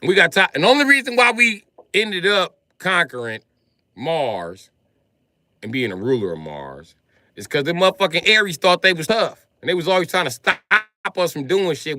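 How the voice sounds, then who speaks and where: A streamer man with a lively, cutting-bright voice launches into a loud, profane comic rant. He swings from shouting to low grumbles, recorded dry and close to the mic. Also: moderate pace, no room sound. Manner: animated, profane, jumps between shouting and mumbling. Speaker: livestream comedian. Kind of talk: comedic rant with acted-out voices.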